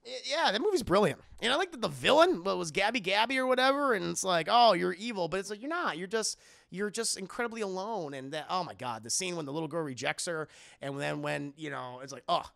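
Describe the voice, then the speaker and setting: Excitable, gravelly man in rambling chat. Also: fairly high pitch, fast talker, no echo, studio quality. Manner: rambling, excitable, swears freely, laughs often. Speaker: podcast host. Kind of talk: casual chat.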